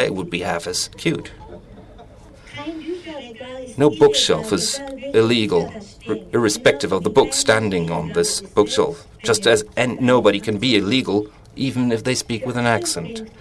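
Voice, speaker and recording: A man, an author, giving a reflective spoken essay in a deliberate, musing way with small restarts. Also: fairly low pitch, lively intonation, crowd noise. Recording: audience noise in the room.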